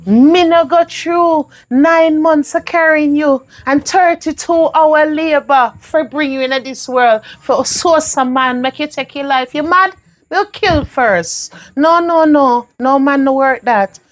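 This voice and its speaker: An actress playing a protective older mother in a Jamaican film, speaking in patois with emphatic, animated delivery. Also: high voice, a little slow. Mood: stern. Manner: emphatic, animated, scolding and comforting. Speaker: actor in a film.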